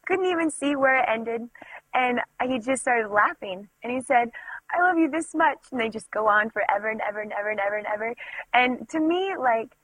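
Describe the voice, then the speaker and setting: Breathy lady telling her faith story, super emotional, lots of "like", dry sound. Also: fairly high pitch, lively intonation, a little fast, a bit bright, no echo, poor audio. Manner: emotional, vivid retelling with many "like"s. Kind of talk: personal faith testimony, storytelling.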